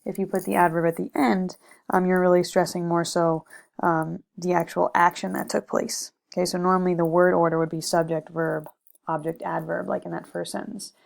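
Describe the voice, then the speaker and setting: Woman with a gravelly low voice, teaching. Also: little pitch movement, moderate pace, a little mellow. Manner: methodical, with frequent "okay" and "um". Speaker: teacher presenting a lesson. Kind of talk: recorded slide lecture.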